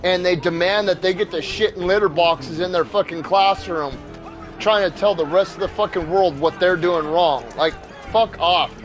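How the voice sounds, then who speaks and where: A man's voice: sits high, moderate pace, faint music behind. A young man and father hosting a gaming video, ranting in a heated, profane, blunt way. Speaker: gaming channel host. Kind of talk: ranting commentary over gameplay.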